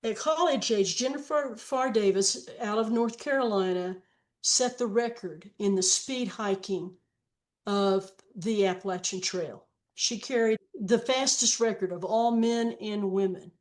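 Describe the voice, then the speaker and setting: Woman in her 70s, slow unhurried talker, reflective storyteller on a podcast. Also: mid-range voice. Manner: slow, reflective storytelling with long read-aloud quotes. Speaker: guest, author and trail hiker. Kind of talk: podcast interview.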